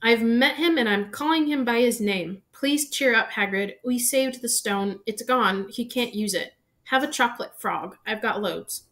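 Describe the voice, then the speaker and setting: A woman's voice: a little high, unhurried, a bit bright. A woman voicing a brave, earnest young boy wizard who speaks thoughtfully.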